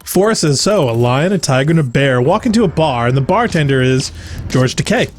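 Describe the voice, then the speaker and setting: A man's voice: on the high side, expressive, fairly quick, soft background music. A man hosting a let's play, chatting casually, laughing often and reading viewer comments aloud. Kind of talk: casual gameplay chat.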